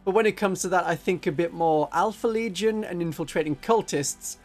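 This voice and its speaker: A man's voice: high-pitched, fairly quick, soft background music. A man chatting casually on a livestream, joking and now and then slipping into silly voices. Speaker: streamer.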